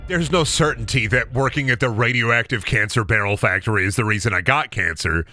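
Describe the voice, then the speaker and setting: A man's voice: mid-range voice, brisk. A man streaming a video game, riffing with profane jokes in casual commentary. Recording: voice over loud game music.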